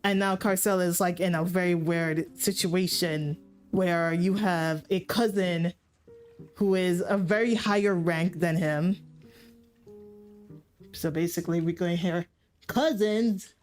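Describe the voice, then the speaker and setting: A woman's voice: on the low side, unhurried, faint music behind. Rambling woman streamer recapping a story. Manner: animated, rambling, laughing, swears.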